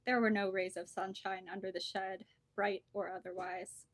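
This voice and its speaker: A woman bookseller reading a children's storybook aloud with lively, expressive storytelling. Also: medium pitch, normal speed, no echo.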